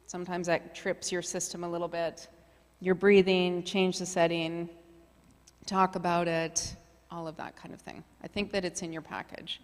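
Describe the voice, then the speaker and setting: A middle-aged woman leading a community workshop in a relaxed, chatty way, full of fillers and asides. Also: on the low side, normal speed. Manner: chatty, filler-heavy, conversational. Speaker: workshop facilitator. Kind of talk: casual workshop presentation. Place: community meeting hall. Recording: long hall reverb.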